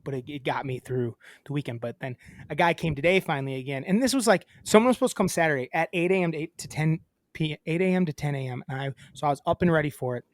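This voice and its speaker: A man's voice: a little high, quick pace, no echo, studio quality. A man co-hosting a podcast, chatting casually and acting out a phone call as he tells a story. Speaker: podcast co-host. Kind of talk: casual chat.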